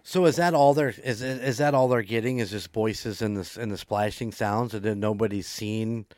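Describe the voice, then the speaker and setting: A man's voice: on the low side, normal speed, a little mellow, dry recording, clean studio sound. A man co-hosting a podcast who chats casually, asks blunt questions and swears now and then. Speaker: podcast co-host. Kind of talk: casual chat.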